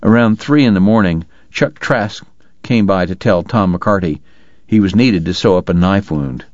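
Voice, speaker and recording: A male audiobook narrator reads in a measured, even way with a lowish voice. The recording is dry and somewhat dull, with no room sound. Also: dry recording. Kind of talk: scripted narration.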